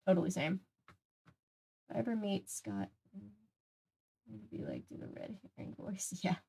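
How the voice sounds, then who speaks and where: Young woman streamer with a mid-pitched voice, casual and chatty, reading aloud to viewers. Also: vocal fry. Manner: chatty, reacts to chat, reads aloud. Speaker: streamer reading a mystery book.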